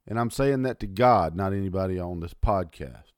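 A man ranting angrily on his podcast, swearing often and lurching from low mutters to loud outbursts. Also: normal speed, dry recording, studio quality. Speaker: podcast host. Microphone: audio only, close mic.

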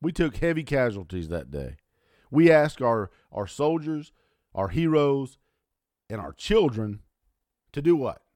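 A man ranting angrily on his podcast, swearing often and lurching from low mutters to loud outbursts. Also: sing-song, measured pace, long pauses, no room sound, studio quality. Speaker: podcast host. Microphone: audio only, close mic.

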